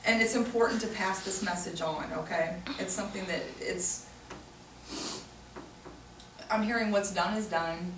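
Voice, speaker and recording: A woman working as a psychic medium who gives a group reading to an audience, talking in a warm, chatty way full of "you know.". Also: mid-range voice, measured pace, pauses often, far from the mic. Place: room with a small audience. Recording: echoey room recorded from afar, noisy.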